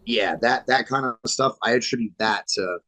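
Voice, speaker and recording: A man in his thirties from Florida, a pro wrestler telling animated, swear-laced stories as a podcast guest. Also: mid-range voice, normal speed, no echo, poor audio. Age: 30s. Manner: animated storyteller, swears freely. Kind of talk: casual podcast interview storytelling.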